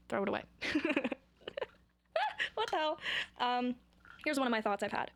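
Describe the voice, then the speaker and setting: Young female vlogger, a bit high-pitched, rambling and silly to camera. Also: big pitch swings, normal speed, creaky, long pauses, a little hiss or hum. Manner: rambling, goofy, self-mocking. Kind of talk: casual chat to camera.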